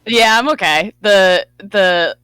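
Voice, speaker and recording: A woman's voice: mid-range voice, slow, fairly bright tone, smooth, no echo. A woman co-streamer chatting playfully and laughing often. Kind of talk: casual chat on a stream.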